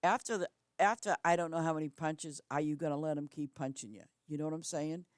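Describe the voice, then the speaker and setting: Woman, middle-aged, deep voice, blunt matter-of-fact chat, dry close sound, live stream at home. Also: steady tone, brisk, no echo. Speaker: game streamer.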